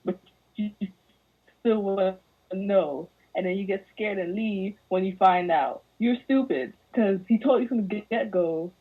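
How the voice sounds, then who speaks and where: Young woman podcast guest, lower husky voice, lively mocking rants over a thin tinny line. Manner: animated ranting, mocking put-on voices. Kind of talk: casual podcast chat. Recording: tinny phone-like audio.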